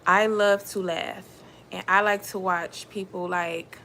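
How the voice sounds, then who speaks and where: A woman's voice: medium pitch, steady tone, unhurried, fairly bright tone, slight background noise. Give me a chatty woman, live-streaming casually from home. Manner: chatty, addresses viewers as y'all.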